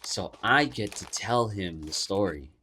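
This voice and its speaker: A man's voice: lowish voice, measured pace, slight background noise. Young guy on a podcast telling a story, lots of swearing, voice jumps all over. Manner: animated, profane storyteller who acts out the people in his story. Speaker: podcast co-host. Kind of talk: casual storytelling chat.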